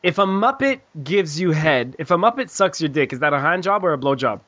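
A loose, joking man hosting a podcast, going through news between crude jokes, with a voice a bit higher than most men's. His delivery is full of fillers and small laughs. The sound is dry and slightly dull. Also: big pitch swings, a little fast, a bit bright, no room sound. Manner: joking, loose, with frequent "uh" and "um" and giggles. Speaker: podcast host. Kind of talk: casual chat with news reading.

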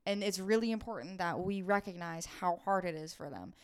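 A woman's voice: lowish voice, brisk, clear, resonant tone. A young woman co-hosting a podcast, speaking in an encouraging, affirming way in casual chat. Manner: warm-hearted, encouraging, affirming. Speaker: podcast co-host.

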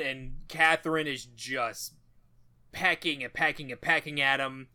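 A man's voice: mid-range voice, steady tone, measured pace, sharp tone. A man co-hosting a podcast, casually recapping a film and acting out characters in exaggerated voices. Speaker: podcast co-host. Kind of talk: casual movie recap chat.

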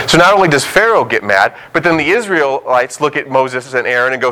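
A man's voice: medium pitch, lively intonation, brisk, few pauses, bright, forceful tone, poor audio. A man preaching a sermon in a conversational way, now and then acting out the voices of biblical figures. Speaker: pastor.

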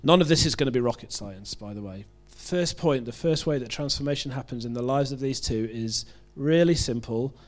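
A British man preaching a sermon to his congregation at a medium pitch. He keeps it chatty and self-deprecating, often stumbling and restarting phrases as he works through a passage. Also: fairly quick, hardly any pauses. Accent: British English. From United Kingdom.

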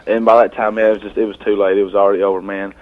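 A man's voice: on the low side, flat delivery, very fast. A man telling an exaggerated comedic story on the radio, saying dude and man a lot. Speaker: radio show guest. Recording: dull, lo-fi sound.

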